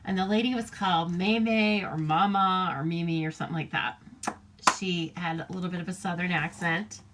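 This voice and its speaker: A friendly, talkative woman leads a live craft demonstration. Her voice sits on the low side for a woman, and she greets viewers by name and laughs easily as she explains. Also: steady tone, normal speed, noisy background. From United States. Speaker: papercraft demonstrator hosting a live stream.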